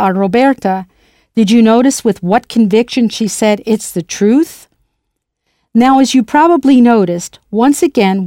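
A woman narrating a scripted language lesson in a clear, playful way, spelling words out letter by letter. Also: mid-range voice, mellow, no echo, studio quality. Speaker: language teacher.

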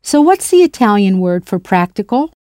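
A woman narrating a scripted language lesson in a clear, playful way, spelling words out letter by letter. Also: mid-range voice, very animated, moderate pace, mellow, no echo, clean studio sound. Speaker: language teacher.

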